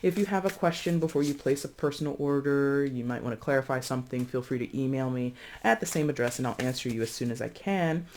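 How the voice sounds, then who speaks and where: Casual tarot reader, chatty and expressive, loose delivery with fillers, talks to viewers as friends. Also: medium pitch, fast, hardly any pauses. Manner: breezy, addresses viewers as friends. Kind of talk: casual tarot reading to camera.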